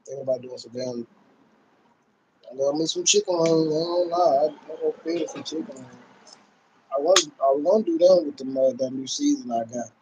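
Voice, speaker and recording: A man's voice: on the high side, brisk, darkish tone, lo-fi sound, slight background noise. Laid-back man on a livestream. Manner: laid-back, loose talk, calls out to viewers constantly. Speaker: livestream host. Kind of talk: casual livestream chat.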